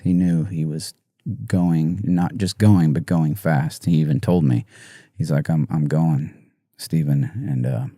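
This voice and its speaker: Soft-spoken man with a low dark voice. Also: no echo, studio quality. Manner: halting, soft-spoken, many fillers and restarts. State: emotional, choked up. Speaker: musician guest. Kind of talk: podcast interview.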